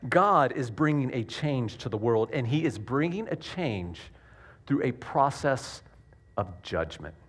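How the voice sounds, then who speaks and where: A man's voice: medium pitch, animated, measured pace, a bit bright, slightly rough. A man with a Southern US accent preaching a sermon to his congregation, earnest and self-deprecating, with frequent restarts and dad jokes. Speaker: pastor.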